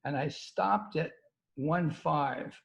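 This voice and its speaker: An older man, a guest, telling a story in a halting, stop-and-start way with casual swearing. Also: fairly high pitch, gravelly. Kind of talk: rambling storytelling. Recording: dull lo-fi sound.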